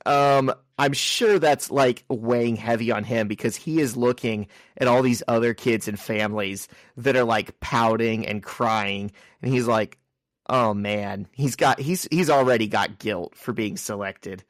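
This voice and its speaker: Male podcast co-host, lively storyteller, mid pitch, dry close sound. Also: no echo. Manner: animated storytelling, acts out characters' lines in quick asides. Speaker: podcast co-host recapping comics. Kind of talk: casual chat.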